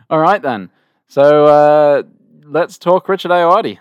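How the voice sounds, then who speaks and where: A man's voice: a little high, drawn-out words, clear, resonant tone, no room sound, highs cut off. A man co-hosting a casual podcast, playful and chatty, often stumbling and restarting his sentences. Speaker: podcast co-host. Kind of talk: casual chat.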